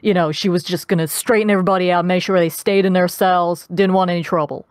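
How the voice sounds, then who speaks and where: A woman's voice: lowish voice, steady tone, quick pace, clear, resonant tone, no room sound, studio quality. A young adult woman with a posh British accent, chatting as a podcast guest, with lots of ums. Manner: chatty, many ums, laughs often. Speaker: guest voice actress. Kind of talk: casual podcast interview.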